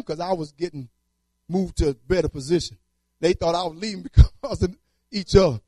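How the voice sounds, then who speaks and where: A man's voice: high-pitched, a little fast, warm tone, no echo. A man telling his testimony in church, storytelling with fervor and colloquial speech. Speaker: testimony speaker.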